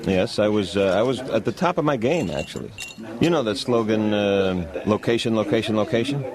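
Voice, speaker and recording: A man voicing a former real estate man who brags in a deadpan, halting way. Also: on the low side, a crowd in the background, natural voice.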